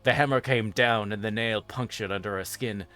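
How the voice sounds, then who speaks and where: A man, the host, reading a fan fiction horror story aloud in a steady, even narration. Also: fairly low pitch, normal speed, faint music behind.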